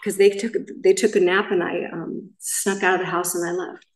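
A middle-aged Southern California woman with a lowish, fairly flat voice speaks at normal speed, sounding distant from the mic in a roomy space with poor audio. As the main speaker at a meeting, she gives a personal recovery share, candid and rambling, correcting herself along the way.

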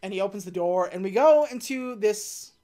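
A woman co-hosting a casual movie podcast, recapping scenes and slipping into quick deadpan voices for the characters. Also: mid-range voice. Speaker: podcast co-host.

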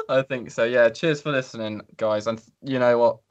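A man's voice: medium pitch, dull audio. A man co-hosting a podcast, chatting casually in a sweary, self-mocking, rambling way. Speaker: podcast co-host. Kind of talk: casual chat.

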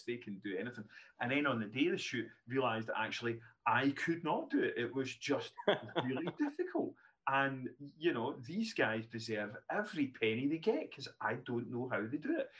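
Man, fifties, lively storytelling, self-deprecating, restarts a lot. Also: mid-range voice. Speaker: guest, neurologist. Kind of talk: casual podcast storytelling.

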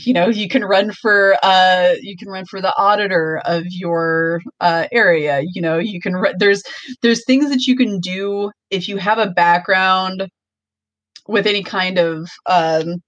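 A woman's voice: medium pitch, steady tone, a little slow, a bit bright, no room sound. Chatty young woman podcaster, dry sound. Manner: chatty, full of likes and ums. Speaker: podcast co-host. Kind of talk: casual chat.

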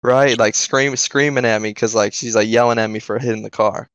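Gravelly man telling a story. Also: mid-range voice, steady tone, a little fast, fairly bright tone, no echo. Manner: profane, filler-heavy, keeps asking "right?". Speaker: podcast co-host. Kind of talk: casual storytelling. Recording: dull lo-fi dry recording.

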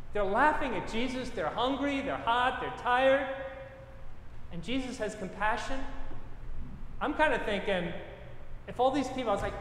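A man's voice: high voice, a bit bright, slight background noise. A middle-aged man, a pastor, preaching a sermon with emphatic repetition and personal stories. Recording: echoey hall with long reverb.

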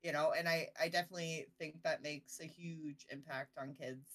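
Bright-voiced frank woman on a podcast. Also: deep voice, steady tone, normal speed. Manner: frank, matter-of-fact, with crude asides. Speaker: podcast co-host, parent. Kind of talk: casual podcast chat.

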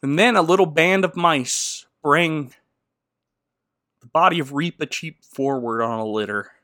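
A man's voice: fairly high pitch, a little slow, sharp tone, no echo, studio quality. A man giving a jokey, slangy recap of a movie plot, laughing often. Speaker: podcast host.

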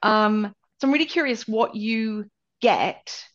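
A woman co-hosting a podcast who asks curious questions and teases gently. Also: on the high side, takes it slowly, highs cut off. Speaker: podcast co-host. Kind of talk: podcast conversation.

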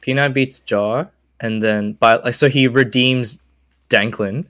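A man's voice: mid-range voice, steady tone, slow, fairly bright tone. A man, co-hosting a casual podcast and making playful jokes. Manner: joking, playful comparisons. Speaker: podcast co-host. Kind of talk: casual chat.

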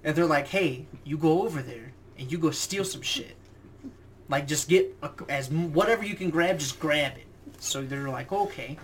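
Young male podcast co-host, slightly higher voice, animated and profane storyteller, faint background hiss. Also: normal speed. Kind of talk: casual chat, storytelling.

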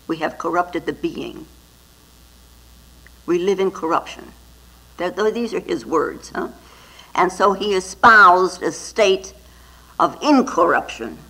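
A woman's voice: on the low side, expressive, slow, long pauses, bright, forceful tone, poor audio. A woman Zen teacher giving a dharma talk, telling stories and often adding little tag questions. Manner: storytelling with frequent tag questions.

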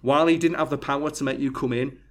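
A young podcast co-host with a mid-range voice talks fast as he casually tells a work story. He animatedly acts out the quoted dialogue and swears freely.

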